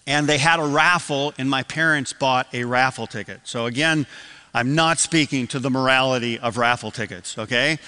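A man's voice: mid-range voice, normal speed, bright, forceful tone, clean tone, in a large hall. An older man from Michigan preaching an evening sermon as pastor, telling a story with many restarts and asides. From Michigan, USA. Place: church sanctuary.

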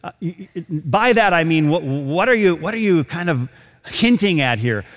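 A man preaching a sermon, slowing down to stress scripture, emphatic and earnest. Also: a little high, expressive. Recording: hall reverb.

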